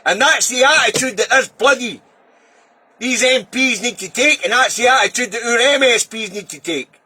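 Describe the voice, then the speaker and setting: A man's voice: extremely high pitch, moderate pace, sharp tone, breathy edge, dry recording. A middle-aged Scottish man ranting in a sweary, blunt and heated political monologue. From Scotland. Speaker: political video commentator.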